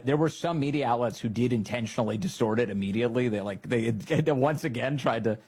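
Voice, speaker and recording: Husky, mocking political show host. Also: male voice. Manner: mocking, animated, laughs often, high-pitched jabs. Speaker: podcast host.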